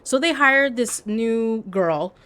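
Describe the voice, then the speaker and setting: A woman livestreamer telling stories in casual chat, animated and peppered with "like". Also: on the high side, slow, clean tone. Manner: animated, heavy use of "like".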